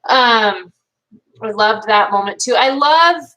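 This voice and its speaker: A woman's voice: on the high side, lively intonation, takes it slowly, bright, forceful tone, far from the mic, rough recording. A young woman hosting a casual live stream from home, chatting with viewers and reading their comments in a bubbly, talkative way. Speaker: livestream host reacting to a show.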